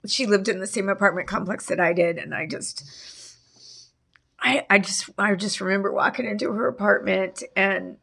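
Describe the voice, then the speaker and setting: A middle-aged woman telling a painful personal story in an interview, halting and full of restarts. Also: medium pitch, vocal fry, pushed and bright. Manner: halting, with many restarts and fillers. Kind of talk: emotional personal testimony.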